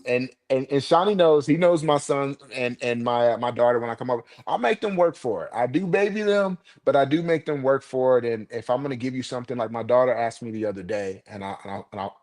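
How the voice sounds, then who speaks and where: A man's voice: mid-range voice, fast talker, few pauses, darkish tone. A middle-aged man on a podcast, talking earnestly about raising his kids and making them earn things. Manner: earnest, lecturing about values. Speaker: podcast co-host. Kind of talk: casual chat.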